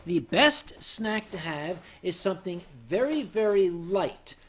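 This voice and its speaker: A man hosting a casual livestream and answering viewer questions with dry, deadpan humor, loose and tipsy as he sips sake. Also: high-pitched, takes it slowly. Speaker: livestream host.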